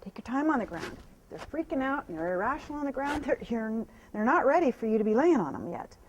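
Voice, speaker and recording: A woman horse trainer explaining groundwork while working a horse, softly praising the animal between instructions. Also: on the high side, big pitch swings, fast talker, slight background noise.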